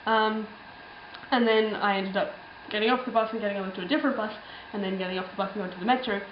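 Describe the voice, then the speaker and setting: A woman's voice: medium pitch, steady tone, fast talker, roomy sound, muffled recording, a little hiss or hum. A young woman telling a travel story in a casual, rambling way, full of ums and little laughs. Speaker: travel vlogger.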